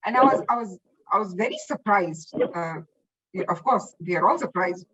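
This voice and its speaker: A woman guest chatting about memories of her teacher, animated and full of restarts. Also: mid-range voice, moderate pace, muffled recording, slight background noise. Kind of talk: casual spoken reminiscence.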